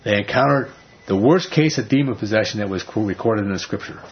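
A man's voice: fairly low pitch, fairly quick, breathy edge, muffled recording. A man giving a conversational Bible sermon as a pastor, chatty, with frequent asides.

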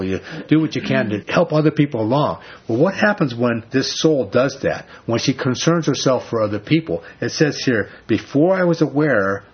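A man's voice: medium pitch, husky, highs cut off. A man giving a conversational Bible sermon as a pastor, chatty, with frequent asides.

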